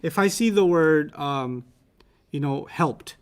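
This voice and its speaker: A man's voice: on the high side, slow, clear, resonant tone. A man teaching Arabic grammar to young students in a casual, playful, teasing way. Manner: playful, teasing, animated explaining.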